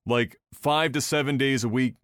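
A man's voice: medium pitch, steady tone, normal speed, fairly bright tone, no echo, clean studio sound. A man co-hosting a podcast, explaining things in a laid-back, profane way. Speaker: podcast co-host and game reviewer. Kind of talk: casual podcast chat.

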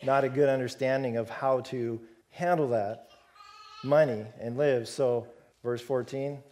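A man preaching a sermon in a relaxed, storytelling way, acting out the characters. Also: mid-range voice, a little slow.

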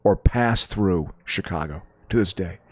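A man's voice: deep voice, measured pace, darkish tone, husky, no echo, studio quality. A man co-hosting a podcast in casual chat, often restarting his words and laughing easily. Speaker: podcast co-host.

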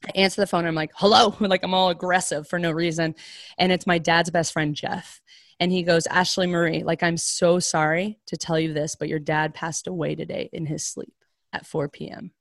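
A young adult woman shares a personal story in a relaxed, chatty way, leaning on "like" fillers and briefly acting out the people she quotes. Her voice sits slightly low, and the sound is close and dry with almost no room around it. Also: moderate pace, no echo. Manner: casual, heavy on "like" fillers, animated quoted voices.

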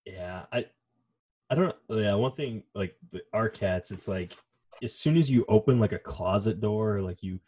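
Brief: male podcast co-host, lowish voice, casual, rambling, swears freely. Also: moderate pace, a little mellow, slightly rough. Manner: rambling, profane, lots of fillers. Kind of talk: casual chat.

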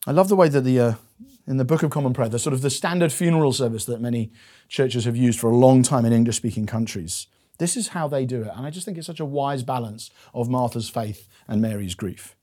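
A man preaching a sermon, moving between hushed, slow passages and raised, pleading emphasis. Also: mid-range voice.

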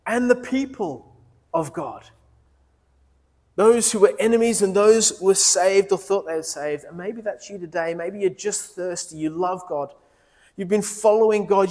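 Man preaching in a reverberant church hall. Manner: earnest, drops low and soft when quoting Jesus. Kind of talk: sermon. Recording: long reverb of a large hall.

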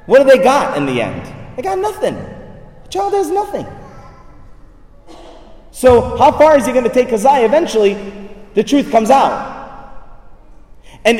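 A man preaching a sermon in a lively, conversational way, often checking in with his listeners. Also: very high-pitched, normal speed. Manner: animated, conversational, asks listeners "right?". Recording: echoey hall, speaker far from mic.

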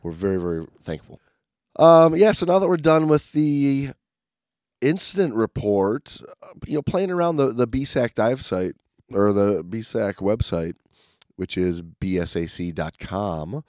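A man's voice: on the low side, expressive, measured pace, a little mellow, no echo, clean studio sound. A man co-hosting a podcast in casual chat, rambling and upbeat with lots of fillers and restarts. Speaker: podcast co-host.

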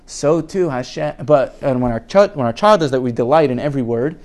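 A man teaching a Torah class, his pitch sitting in an ordinary middle range. He speaks earnestly and doubles up words for emphasis. He reads Hebrew quotes aloud and then translates them. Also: a little fast, darkish tone.

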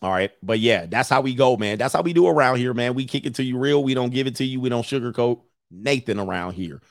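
A man's voice: mid-range voice, animated, quick pace, dry recording, clean studio sound. A man hosting a live stream as a life coach, ranting bluntly and profanely, laughing between points, repeating phrases, and answering viewers' super chats. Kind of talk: casual livestream rant answering super chats.

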